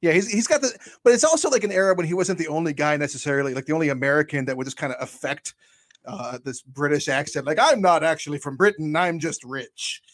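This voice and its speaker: A man with a fairly high voice, talking casually about a film with friends. He restarts his sentences often and swears freely. The sound is dry and close, with no room around it. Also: quick pace, dry recording. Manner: chatty, frequent restarts and laughs, swears casually. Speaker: podcast co-host.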